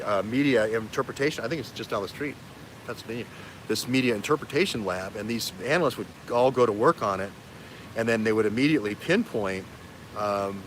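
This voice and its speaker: A man hosting a livestream as an investigative journalist, talking in an animated, digressive way that jumps between threads. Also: medium pitch, a little hiss or hum. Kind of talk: livestream talk.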